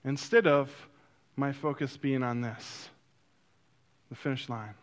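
A man telling a personal story in a sermon-like way, acting out quotes and then turning soft and reflective. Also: medium pitch, takes it slowly. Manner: animated, acts out quotes, drops to a soft reflective tone.

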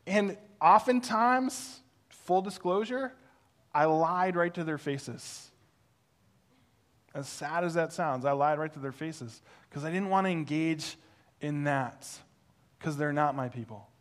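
A male pastor preaching through a personal story, animated and self-deprecating, acting out the voices he quotes. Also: on the high side, a little slow. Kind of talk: sermon storytelling.

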